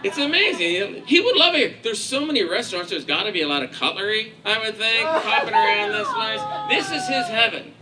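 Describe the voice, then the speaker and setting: A man doing stand-up in a club, his voice riding high and swinging all over the place as he rambles through a profane, sarcastic set. The live recording carries a clear layer of noise under him, and he speaks into a handheld stage mic. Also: sing-song, a little fast, few pauses, crowd noise. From Kansas. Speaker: stand-up comedian. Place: comedy club stage with a laughing audience.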